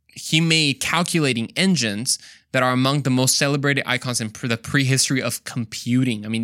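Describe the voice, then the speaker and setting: A man's voice: medium pitch, pushed and bright, dry recording, clean studio sound. A young man hosting a Christian podcast, talking casually with jokey, slangy asides. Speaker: podcast host.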